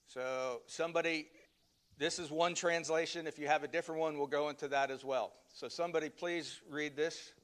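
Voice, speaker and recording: A man's voice: on the high side, fairly even intonation, moderate pace, fairly bright tone. A man teaching a Sunday Bible class at church in a loose, conversational way, with fillers and restarts.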